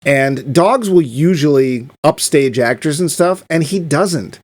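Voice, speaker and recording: A man's voice: a little high, lively intonation, a little slow, a little mellow. A man co-hosting a podcast in casual movie chat, opinionated and given to dry asides. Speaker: podcast co-host.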